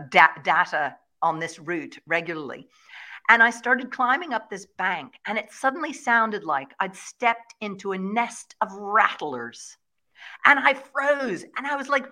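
A woman farmer, a guest in an interview, telling lively anecdotes about animals and her past work. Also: mid-range voice. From Ireland. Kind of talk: storytelling in a video-call interview.

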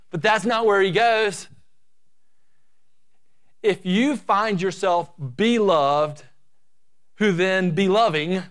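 A middle-aged male pastor preaching a sermon, swinging between loud, drawn-out emphasis and quiet, quick asides. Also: sits high.

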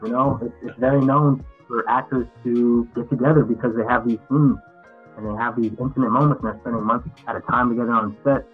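A man's voice: mid-range voice, slightly rough. Frank man over a tinny phone line. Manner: reflective, frank, restarts sentences often. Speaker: actor interviewed as guest. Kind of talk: candid interview answers.

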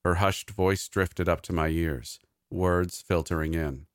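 A man narrating a scripted horror story in a measured, even storytelling delivery. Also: deep voice, no room sound, clean studio sound.

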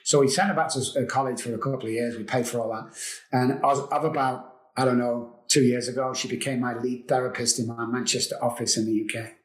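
A man's voice: medium pitch, fairly even intonation, quick pace. A man, a guest telling his own recovery story in an earnest, confessional way and repeating phrases for emphasis. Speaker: guest, addiction recovery expert. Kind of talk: emotional personal storytelling. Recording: roomy echo.

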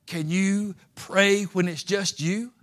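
Folksy preacher, high and bright. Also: male voice, steady tone, slow. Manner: folksy, swings from quiet asides to impassioned pleading. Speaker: pastor. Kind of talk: sermon.

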